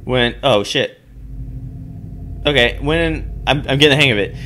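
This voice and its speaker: Reading game text out loud and cracking jokes at his own expense, a let's play host chats casually with the odd swear word. His mid-range voice has a sharp tone at normal speed, and there is slight background noise.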